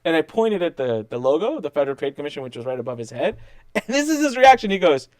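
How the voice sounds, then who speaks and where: Man, business owner guest, casual storytelling, swooping lively pitch, acts out voices, restarts, dry close sound. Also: fast, dry recording. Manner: animated, acts out quoted people, many restarts.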